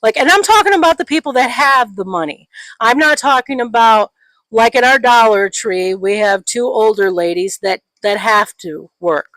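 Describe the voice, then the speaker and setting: A woman's voice: on the high side, lively intonation, normal speed, a bit bright, no echo. A Gen X woman co-hosting a casual podcast, ranting with profanity and mocking people in put-on voices. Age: 40s or 50s. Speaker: podcast co-host. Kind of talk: casual political chat.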